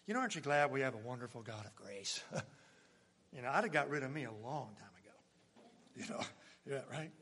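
An older man preaching a sermon, swinging from loud exclamations to hushed near-whispers, with joking asides to the congregation. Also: mid-range voice, expressive, brisk, long pauses, slight background noise. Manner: jokey asides with chuckles to the congregation. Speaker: pastor. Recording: long hall reverb.

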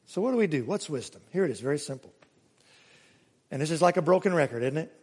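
High-voiced preaching man in a reverberant hall. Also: animated, fast, husky. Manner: emphatic preaching with sudden rises and hushed drops. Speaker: pastor. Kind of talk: sermon.

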